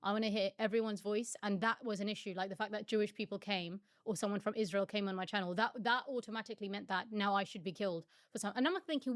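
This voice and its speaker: A woman telling an emotional personal account from her own video, quoting others in an animated voice. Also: mid-range voice, fast, no room sound, clean studio sound. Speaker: video creator.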